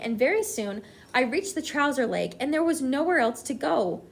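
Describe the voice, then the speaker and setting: A woman teacher reading a children's book aloud to her class, with expressive, animated delivery. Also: high voice, moderate pace, gravelly.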